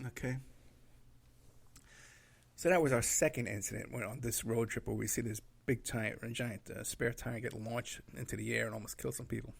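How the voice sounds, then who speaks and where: A man's voice: mid-range voice, steady tone, moderate pace, gravelly, husky. A man telling a rambling road trip story in a casual way, laughing at his own anecdotes and acting out what people said.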